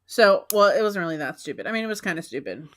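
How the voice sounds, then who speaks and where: A woman's voice: lowish voice, big pitch swings, quick pace. A woman co-hosting a live stream, chatting casually, laughing often and poking fun at herself. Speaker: co-host of a live selling stream. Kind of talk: casual chat.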